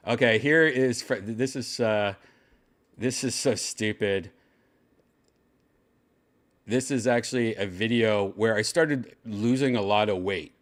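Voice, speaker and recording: A man's voice: lowish voice, slow, long pauses. A man hosting a show, telling a rambling, laid-back story full of restarts. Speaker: podcast host. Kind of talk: casual storytelling.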